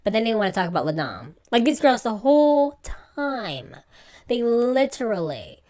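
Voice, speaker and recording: A woman's voice: on the high side, very animated, moderate pace, a little mellow. A woman giving a casual, exasperated recap rant about a reality show, acting out the people she quotes in mock voices. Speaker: reality TV commentator.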